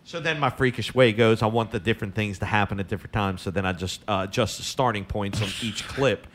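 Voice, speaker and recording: A man's voice: fairly low pitch, fast talker, fairly bright tone, a little hiss or hum. A man co-hosting a casual podcast who runs the sound clips, rambling and easygoing as he explains things. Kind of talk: casual chat.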